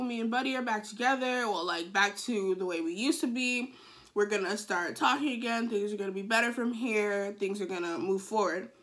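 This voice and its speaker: A young woman in her twenties vlogging a casual storytime, frank and profane, with sudden dramatic outbursts. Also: medium pitch. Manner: dramatic, animated retelling with sudden wailing outbursts.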